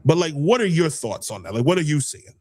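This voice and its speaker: A man's voice: fairly high pitch, big pitch swings, quick pace. Heated, rambling man hosting a talk show. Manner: heated, rambling, repeats words. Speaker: podcast host. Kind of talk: casual political talk.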